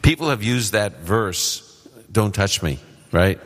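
A man's voice: fairly low pitch, animated, slow, a bit bright, long reverb tail. A man answering live Bible questions on a radio show, plain-spoken and explaining simply. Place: live event with audience.

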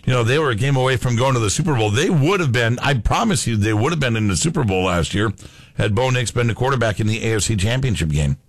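A sports radio co-host talks fast in an expressive, mid-range voice with no echo. He keeps it casual and jokey, bantering with his partner and slipping into put-on accents.

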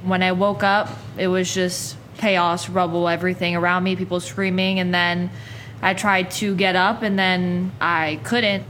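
Young woman speaking flatly about a disaster. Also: on the low side, measured pace, a little hiss or hum. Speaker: disaster survivor, interviewee.

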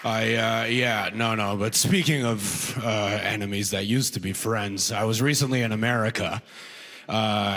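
A man's voice: medium pitch, a bit bright, big-room sound, slight background noise. A young man from Sudan, doing a conversational stand-up comedy set on stage, tagging lines with "right?" and laughing along. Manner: conversational, self-deprecating, frequent "right?" tags and laughs. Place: comedy club stage before a live audience.

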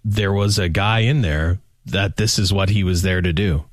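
A man's voice: low voice, normal speed, no room sound, clean studio sound. A man co-hosting a radio show, joking and rambling through casual banter. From Canada. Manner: joking, rambling, trails off and restarts. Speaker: radio co-host.

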